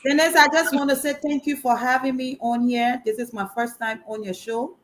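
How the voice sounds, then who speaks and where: A woman, a minister appearing as a guest on a video call talk show, giving gracious, measured thank-you remarks. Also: high voice, steady tone, over a noisy crowd.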